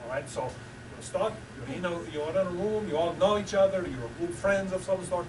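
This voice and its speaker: Man, improv host, high voice, chatty, coaxing, small theater stage, distant mic, roomy hall, noisy. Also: brisk. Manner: chatty, coaxing, laughs often. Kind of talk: live improv show hosting.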